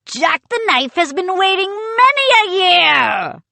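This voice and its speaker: A woman voicing a boastful male pirate puppet with loud, swaggering cries in a storybook reading. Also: very high voice, very animated, a little slow, vocal fry, dry recording, voice pushed up, heavily acted. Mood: gleeful menace.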